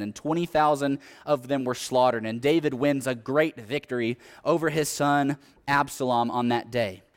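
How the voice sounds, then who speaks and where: Man, pastor, sermon, fairly high voice, dramatic scripture storytelling. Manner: storytelling, rising in pitch and volume at dramatic moments, reading scripture aloud.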